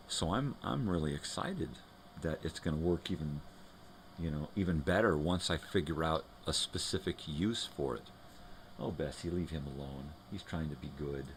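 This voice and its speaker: Very deep-voiced man in casual home chat. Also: normal speed, slight background noise. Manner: loose and chatty, talks to his dogs between thoughts. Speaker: host of a live morning show. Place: at home with his dogs.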